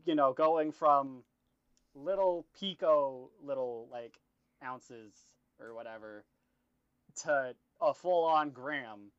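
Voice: medium pitch, slow, a bit bright, clear, resonant tone, no echo. A person telling a long story in casual chat, rambling and swearing, with lots of "like" fillers. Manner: rambling, profane storytelling full of "like". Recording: dull lo-fi dry recording.

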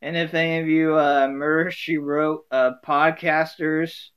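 A man's voice: fairly high pitch, flat delivery, measured pace, fairly bright tone, clear, resonant tone. A man hosting a casual solo talk from home, rambling with many fillers and restarts.

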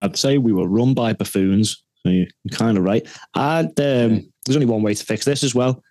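A man's voice: medium pitch, normal speed, warm tone, no room sound. A man giving his view in a political talk show, blunt and firm. His voice sits mid-range and sounds dry and close, with no room around it. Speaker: panel guest.

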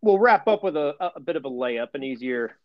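A man's voice: on the high side, expressive, fairly quick, no room sound. A man co-hosting a casual sports podcast, bantering and teasing his co-host. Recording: dull, lo-fi dry sound.

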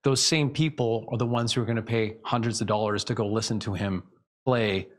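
A man's voice: on the low side, steady tone, a little fast. A man speaking as an interview guest, explaining speaking tips in a coaching tone and acting out vocal examples. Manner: coaching tone, demonstrates vocal examples, many restarts. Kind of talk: casual interview chat.

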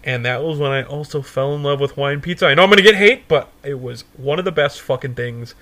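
A young man co-hosting a podcast, telling a stoner story in a profane, animated way and laughing often. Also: on the high side, fast. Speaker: podcast co-host. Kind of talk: casual storytelling chat.

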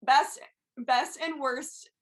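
A woman's voice: sits high, steady tone, very slow. A woman co-hosting a podcast, a nurse who asks curious, eager questions in casual chat.

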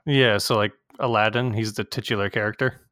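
A man's voice: lowish voice, steady tone, a little fast, bright, forceful tone, no echo, clean studio sound. A young man hosting a casual podcast, rambling with lots of fillers and swearing, acting out quoted people in a raised voice. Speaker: podcast host. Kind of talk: casual chat.

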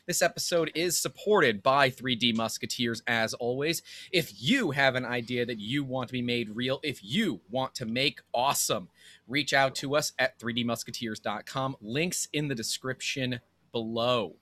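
A man in his thirties hosting a podcast, chatting casually and joking, with a low announcer tone when he reads the sponsor. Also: moderate pace, pushed and bright. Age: 30s. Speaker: podcast host. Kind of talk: casual chat.

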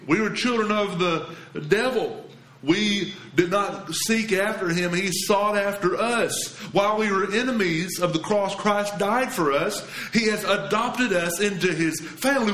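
Earnest preacher man with a roomy echo. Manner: earnest, emphatic preaching that drops soft and low for scripture. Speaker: pastor. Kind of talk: sermon.

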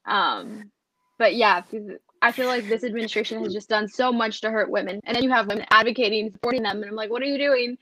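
A woman's voice: fairly high pitch, fast talker, fairly bright tone, no room sound, poor audio. A woman on a political talk show who chimes in agreeably, sounding a little away from the mic. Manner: agreeable, chiming in with short affirmations.

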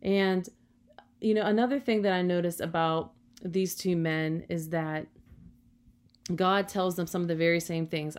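A woman's voice: fairly low pitch, normal speed, a little mellow. A woman preaching a sermon in an earnest, encouraging way, often adding "you know" as she talks.

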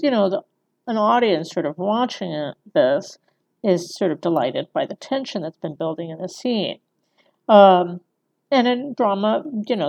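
A woman's voice: on the low side, gravelly, darkish tone, highs cut off. A woman giving a conversational screenwriting lecture, often checking in with her listeners by asking "right?". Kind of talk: recorded lecture.

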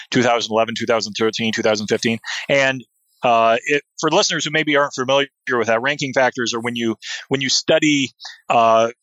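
A man's voice: mid-range voice, fairly bright tone, no room sound, lo-fi sound. A man talking as a guest in a casual interview, enthusiastic, with many fillers and restarts. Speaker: podcast guest, SEO expert.

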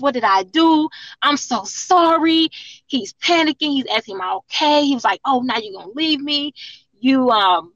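An earnest woman tells her own story as an interview guest, pausing often and filling gaps with fillers. Her voice has a gravelly edge and a bright, forceful tone. The sound is dry and close. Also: on the high side, no room sound, rough recording. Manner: earnest, halting, many fillers. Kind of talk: candid personal account in an interview.

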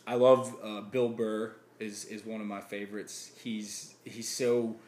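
A man chatting casually on a podcast, telling stories and bursting into loud acted-out impressions. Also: lowish voice, unhurried, roomy sound. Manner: animated storyteller, acts out loud impressions. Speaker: podcast guest.

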